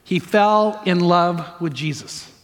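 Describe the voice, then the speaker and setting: A man pastor preaching a sermon, his high voice pressing each point with emphatic repetition. His words ring out with a long reverb, as in a large church hall. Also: slow pace. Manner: emphatic, rising preaching with repeated phrases.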